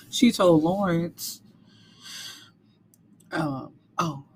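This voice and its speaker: A woman's voice: deep voice, very slow, long pauses, darkish tone, a little hiss or hum. A woman reviewing a book in a casual recap, talking candidly with some cursing and acting out characters' lines.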